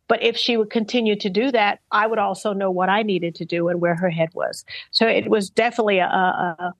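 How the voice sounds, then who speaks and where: A middle-aged woman being interviewed, talking in a thoughtful, earnest and measured way. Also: mid-range voice, steady tone, dry recording, highs cut off. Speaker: interviewed singer. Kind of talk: reflective interview talk.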